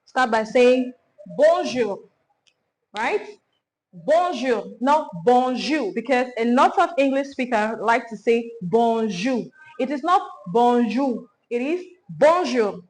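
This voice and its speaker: High-voiced woman teaching French basics. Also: animated, poor audio. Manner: slow, repeats phrases for learners. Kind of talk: beginner language lesson.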